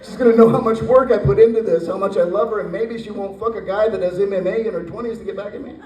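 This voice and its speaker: A man in his forties doing a stand-up comedy set, telling a rambling story with animated acted voices. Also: high-pitched, fast talker, a little hiss or hum. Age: 40s. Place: brewery stage with live audience. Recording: roomy echo, from a distance.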